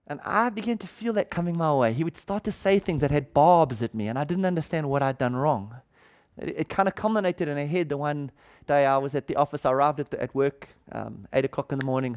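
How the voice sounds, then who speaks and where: A pastor preaching a sermon, telling a personal story and acting out the dialogue in it with feeling. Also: male voice, a little high, a little mellow.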